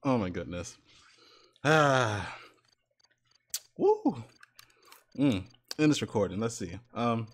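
A man hosting a gaming channel, commenting to himself as he plays a horror game, muttering at times and breaking into loud excited cheers and laughter. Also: mid-range voice, slow, long pauses, slight background noise. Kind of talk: live commentary while playing a horror game. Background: faint game music.

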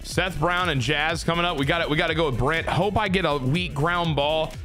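A young man commentating his own baseball video game play, excitable and swearing as he talks to himself and his viewers. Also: fairly high pitch, brisk, soft background music. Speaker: gaming streamer. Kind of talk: live gameplay commentary.

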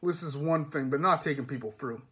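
A sour, grumbling cart driver in common speech, as a storyteller puts him on. He nurses old grudges and mutters his complaints, his voice sitting a touch high. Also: brisk, a bit bright, close to an everyday voice. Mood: uneasy.

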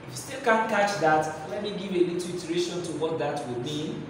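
A man's voice: on the high side, fairly quick, very noisy. A man teaching a maths lesson, asking rhetorical questions and repeating key phrases. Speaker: mathematics teacher. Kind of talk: classroom lesson. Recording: echoey hall, voice from far off.

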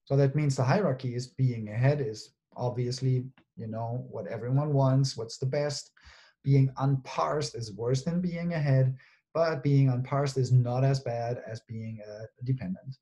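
A man's voice: medium pitch, steady tone, measured pace, warm tone. A man presenting an academic talk, explaining step by step with frequent fillers and "right?" checks to his listeners. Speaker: linguistics researcher presenting a talk.

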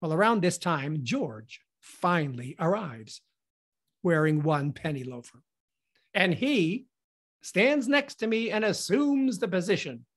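A middle-aged man hosts his podcast and tells a funny story about himself. His delivery is animated and theatrical, and he acts out each scene as he goes. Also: high-pitched, slow. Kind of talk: comic personal storytelling.

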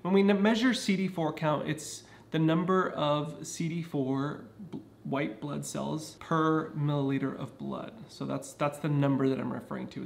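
At home indoors, a vlogger talks casually to his camera, earnestly explaining things and often restarting his sentences. His voice is fairly high with vocal fry, and there's a little hiss or hum in the audio.

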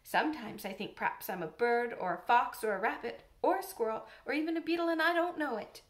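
A woman's voice: fairly high pitch, natural voice. A woman doing a cheery country boy. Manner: quick, easy, good-humoured.

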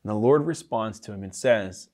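A man preaching a conversational sermon to young adults, animated and informal, full of casual asides. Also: lowish voice, normal speed. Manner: animated, casual, frequent "you know, like" asides. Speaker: pastor. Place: online livestream for young adults.

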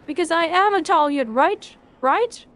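High-voiced woman chatting on stream. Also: lively intonation, a little slow, fairly bright tone. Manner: casual, rambling, swears freely, reads out chat. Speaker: video game streamer. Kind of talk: live game stream chat.

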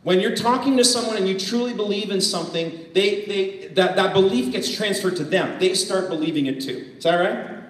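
A man from Canada giving an energetic motivational business talk to a live audience, asking questions and joking. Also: high voice, moderate pace. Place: event hall with a live audience. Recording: echoey hall, voice from far off.

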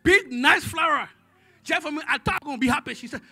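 A pastor leading a church service preaches a dramatic sermon, moving between hushed tones and shouts and calling on the congregation to respond. His voice is extremely high-pitched, and he talks fast.

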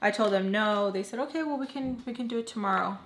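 A woman's voice: mid-range voice, fast talker. A young woman telling a personal storytime while doing her makeup, chatting casually with her viewers. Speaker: vlogger. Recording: roomy echo.

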